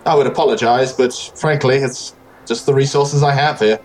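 A man's voice: medium pitch, fairly even intonation, moderate pace, a little mellow, slight background noise, lightly acted. A man voicing a proud, blunt dwarf captain who boasts about his defenses in a tabletop game. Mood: boastful. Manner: brusque, boastful.

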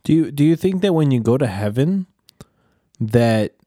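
A man's voice: mid-range voice, lively intonation, moderate pace, mellow, dry recording. A man in casual chat, laid-back and asking curious questions. His voice is recorded dry and close, with no room sound.

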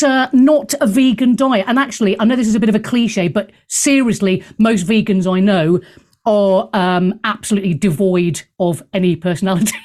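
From a studio, a woman with a slightly high voice hosts a radio talk show. She's blunt and plain-spoken, delivering her opinions with animation.

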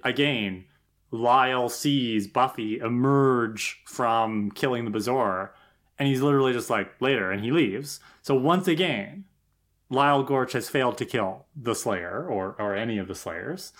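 A man co-hosting a podcast, analysing a TV episode in relaxed chat, thinking aloud with frequent "like" and "right?". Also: medium pitch, a little slow. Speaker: podcast co-host.

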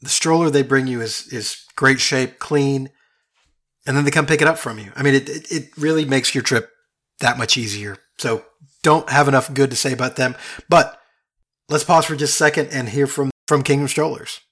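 Male podcast co-host, husky, casual, conversational. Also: medium pitch, normal speed, a bit bright. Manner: chatty, fond of restarts.

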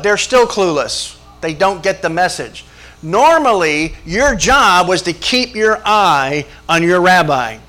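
A man's voice: high-pitched, fairly bright tone. Folksy preacher man. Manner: folksy storytelling, acts out voices, chuckles. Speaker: pastor. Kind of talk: sermon with jokes.

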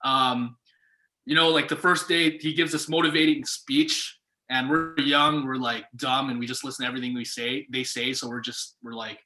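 Bright-voiced young man telling a story. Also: mid-range voice, normal speed. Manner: animated, acts out quoted voices. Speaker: guest. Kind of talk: storytelling in casual chat. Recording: echoey room.

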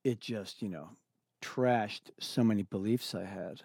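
Man, middle-aged, deep-ish voice, reflective, halting restarts, dry recording. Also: creaky, a little mellow, breathy edge, dry recording. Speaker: interview guest. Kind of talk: candid personal conversation.

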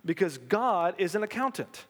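A male pastor, preaching an animated, folksy sermon with call-and-response to his congregation. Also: sits high, normal speed, big-room sound. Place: church sanctuary.

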